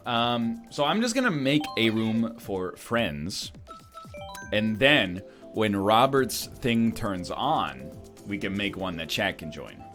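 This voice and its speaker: A man's voice: lowish voice, lively intonation, slow pace, fairly bright tone, faint music behind. A man hosting a casual gaming stream, joking around with friends. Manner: joking, sings snippets. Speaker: streamer host. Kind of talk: casual chat.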